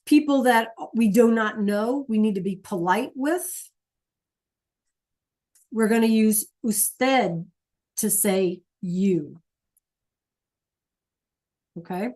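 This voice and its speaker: A woman's voice: mid-range voice, a little mellow. A woman teaching a language class, patiently explaining and checking in with her students often. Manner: repeats key points slowly. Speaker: Spanish teacher. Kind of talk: classroom lesson.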